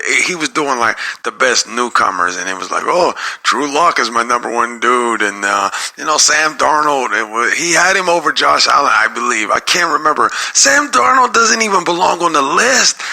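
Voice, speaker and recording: A man's voice: on the high side, vocal fry, sharp tone. A man hosting a solo sports podcast, rambling and getting worked up, repeating himself as he rants.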